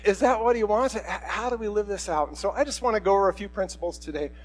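Speaking at a quick pace, a middle-aged male pastor tells a personal story in a relaxed preaching style, taking on the voices of those he quotes. His voice is a little high for a man, and the recording is low quality.

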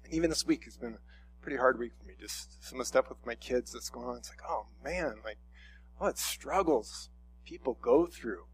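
A man's voice: medium pitch, normal speed, a little hiss or hum. A middle-aged man preaching a sermon in a conversational, storytelling way, often restarting his sentences. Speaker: pastor.

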